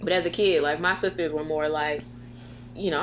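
Young woman co-host, casual chat, bright sound, faint hum. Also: a little fast. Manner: animated storytelling, acts out quotes in a high voice. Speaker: podcast co-host.

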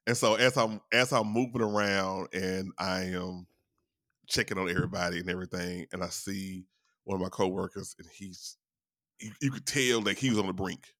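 A man's voice: low voice, fairly even intonation, normal speed, fairly bright tone, no echo, studio quality. A young adult man hosting a podcast, chatting casually, laughing often and swearing freely as he tells stories. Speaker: podcast host. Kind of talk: casual chat.

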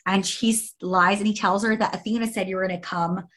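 A woman's voice: medium pitch, fairly even intonation, brisk, a bit bright. A woman in casual conversation who tells a story emphatically, repeating phrases and swearing.

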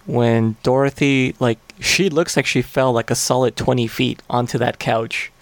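Man podcast co-host, mid pitch, relaxed chatter, dry close mic. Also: measured pace, no echo. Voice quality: relaxed, hedging with "like" and "um". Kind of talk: casual film discussion.

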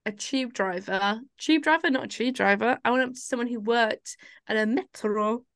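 A woman co-hosting a podcast, rambling through stories and poking fun at herself. Her voice sits a little high, and the room is dry and close. She talks in a loose, chatty way. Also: normal speed, fairly bright tone, dry recording. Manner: chatty, rambling, self-mocking. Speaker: podcast co-host. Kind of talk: casual chat.

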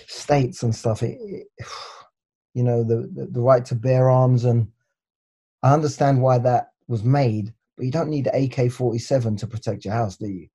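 Mellow-voiced English man telling stories. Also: medium pitch, breathy edge. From England. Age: 40s. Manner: hesitant, repeats words, lively storytelling. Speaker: guest. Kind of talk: casual interview chat.

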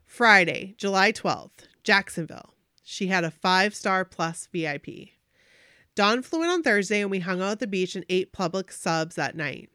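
A woman's voice: mid-range voice, expressive, moderate pace, sharp tone, no room sound. Woman reading a fan story, dry sound. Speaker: podcast co-host reading a fan's story. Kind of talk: reading a listener story aloud.

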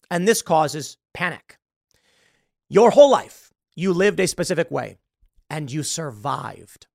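A man delivers an opinion monologue in a lively, up-and-down voice with a gravelly edge. His tone is lecturing and sarcastic. The sound is dry and close. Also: a little high, no room sound. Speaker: political commentary host.

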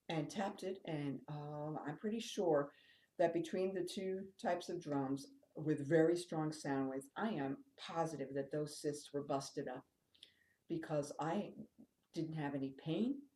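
A woman's voice: sits low, warm tone, roomy sound, rough recording. A middle-aged woman telling her personal story openly and emphatically as an interview guest, with fillers and laughs. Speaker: interview guest, drumming teacher and author.

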